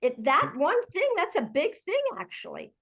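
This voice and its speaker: A woman's voice: high-pitched, huge pitch swings, normal speed, vocal fry, fairly bright tone. A woman in an earnest conversational discussion, often acting out example phrases as she explains.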